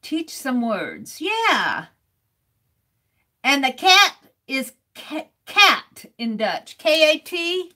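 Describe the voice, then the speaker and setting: A middle-aged woman artist chats casually on a livestream in a high, bright, forceful voice with huge pitch swings, speaking extremely slowly. She laughs often while she works and sounds out words letter by letter as she reads the chat.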